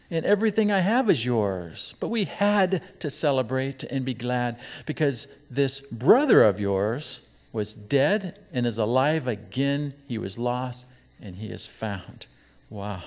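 A pastor with a mid-range, darkish voice preaches a sermon, reading scripture aloud and driving home his points with emphatic rises and rhetorical questions. A long hall reverb trails his words.

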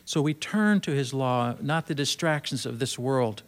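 A man preaching a sermon in an earnest way, repeating phrases and slowing down to stress key lines. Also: medium pitch.

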